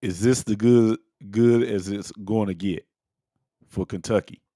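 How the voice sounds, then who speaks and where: A man's voice: lowish voice, steady tone, unhurried, dark tone, no echo, clean studio sound. A man co-hosting a casual sports reaction chat, asking questions and stopping to restart his sentences. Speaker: co-host.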